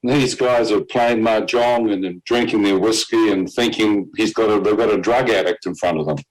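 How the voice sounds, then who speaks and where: A man's voice: lowish voice, moderate pace, low-quality recording. A man telling his own story as a testimony. He acts out the voices of the people he quotes and laughs between lines.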